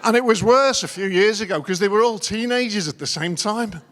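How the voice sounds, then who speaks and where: A man's voice: high-pitched, fairly quick, fairly bright tone, slight background noise. A middle-aged man doing a stand-up routine as an after-dinner comedian, telling wry, self-deprecating stories. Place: large conference dinner hall. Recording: long reverb of a large hall.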